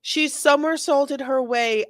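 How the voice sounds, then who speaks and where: A woman's voice: sits high, slow, fairly bright tone, no echo, clean studio sound. A woman giving sarcastic, joking running commentary on a video. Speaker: commentator reacting to body cam video. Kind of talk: casual reaction commentary.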